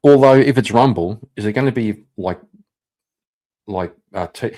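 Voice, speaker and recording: A man's voice: fairly low pitch, moderate pace, long pauses, warm tone. A man hosting a live stream, chatting casually with his viewers, rambling, swearing and laughing often. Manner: profane, rambling, laughs a lot. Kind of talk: casual chat reacting to viewers.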